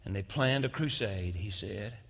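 A man's voice: lowish voice, moderate pace, vocal fry, slightly rough. A male pastor preaching a sermon and dramatically retelling a testimony. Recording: long reverb of a large hall.

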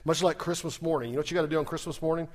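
A middle-aged man delivering a sermon in a conversational way, with a voice pitched a little above the usual for a man. He leans on rhetorical questions, pushes key words up and lets phrase endings sink low and soft. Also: steady tone, racing. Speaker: pastor.

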